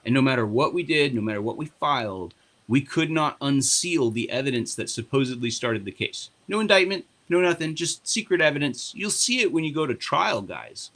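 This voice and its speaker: A man telling stories in a loose podcast chat, swearing freely and turning sarcastic. His voice is bright and forceful, at a middle pitch for a man. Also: normal speed. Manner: profane, animated, sarcastic. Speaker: party board member and guest. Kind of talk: casual podcast storytelling.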